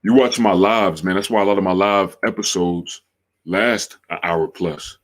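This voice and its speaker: Man, low deep voice, podcast host, casual livestream talk, slangy, repeats himself. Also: steady tone. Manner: slangy, drawn-out, repeats phrases for emphasis.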